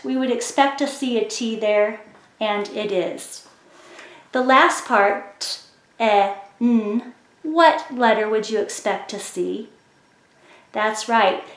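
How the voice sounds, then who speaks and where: A woman teaching a phonics lesson to children, explaining slowly and clearly with encouraging prompts. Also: fairly high pitch. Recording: echoey room.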